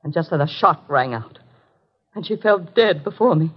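A woman's voice: sits low, expressive, normal speed, breathy edge. An actress playing a desperate, tense middle-aged wife and mother in a 1950s radio drama, earnest and pleading. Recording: muffled 1950s radio broadcast.

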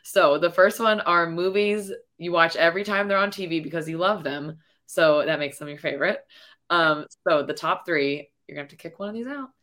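A woman's voice: lowish voice, a little fast, fairly bright tone. A woman hosting a casual podcast interview, explaining a game segment in a plain, friendly way. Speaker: podcast host.

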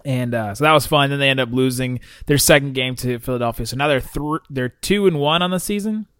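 A man's voice: mid-range voice, fairly quick, a bit bright, clean tone, no room sound, clean studio sound. A man co-hosting a sports podcast, chatting casually with rambling asides and frequent laughs. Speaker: podcast co-host.

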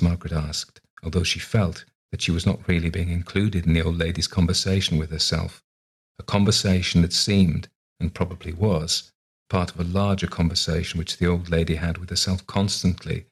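A narrator reads a short story aloud from a script in a measured, even storytelling voice. He speaks very low, with a husky, breathy edge.

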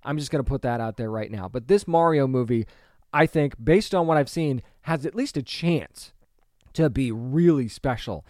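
A man's voice: medium pitch, animated, moderate pace, a little mellow, dry recording, clean studio sound. A man in his thirties or forties talking casually and emphatically to camera, asking rhetorical questions and restarting his sentences as he works through his opinion. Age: adult; grew up with a 1990s animated series, so 30s or 40s. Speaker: online movie commentator.

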